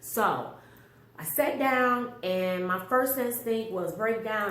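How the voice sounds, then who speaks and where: A middle-aged mother gives an earnest, emotional personal testimony, often quoting the voices she heard. Her mid-range voice is a bit bright, and she takes it slowly. The recording has a roomy echo with a faint hum behind it.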